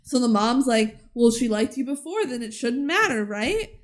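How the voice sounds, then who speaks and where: A woman's voice: a little high, normal speed. Chatty woman co-host recapping a movie. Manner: animated retelling, acts out characters' lines, laughs often. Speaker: podcast co-host. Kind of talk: casual movie recap chat.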